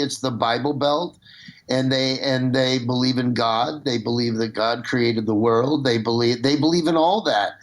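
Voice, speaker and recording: A middle-aged man from Nebraska, a comedian calling in as a guest and talking loosely, with many restarts. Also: medium pitch. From Nebraska, USA. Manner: rambling, with restarts. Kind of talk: casual phone conversation.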